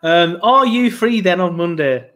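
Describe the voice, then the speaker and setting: A man's voice: high voice, expressive, unhurried, bright, forceful tone. A man hosting a football podcast, talking casually and rambling with plenty of fillers. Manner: chatty, rambling, lots of fillers. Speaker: podcast host.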